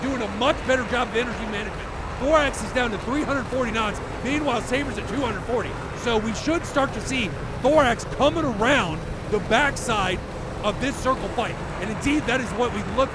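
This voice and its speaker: High-pitched excitable male game commentator. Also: fairly quick, heavy background noise. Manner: excitable, shouts at big moments, swears freely. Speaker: esports commentator. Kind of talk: live play-by-play commentary.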